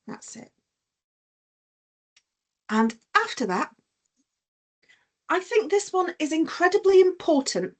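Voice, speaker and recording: A woman leads an online punctuation lesson for a business-English class, her slightly high voice a little mellow. Unhurried and patient, she works through each point and stops to offer examples, her sound coming through a video call.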